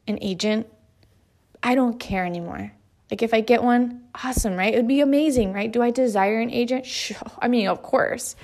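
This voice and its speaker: Speaking earnestly in a medium pitch, a thirty-something author delivers a motivational monologue. Repeated phrases strung into lists are how she emphasizes her points.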